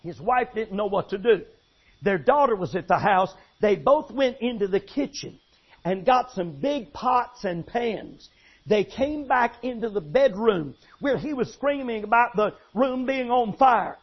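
A man's voice: high-pitched, expressive, a little slow, slightly rough. A man preaching a sermon with emphatic storytelling. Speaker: pastor. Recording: dull lo-fi sound.

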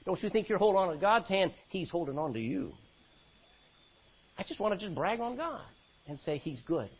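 A man preaching a sermon, swinging between loud emphatic bursts and quiet, low asides. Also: very animated, normal speed, muffled recording, slight background noise. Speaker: pastor.

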